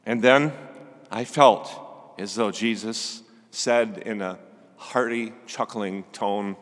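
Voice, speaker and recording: An older man delivering a gentle, reflective Sunday sermon as a preacher. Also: on the low side, fairly even intonation, a little slow, big-room sound.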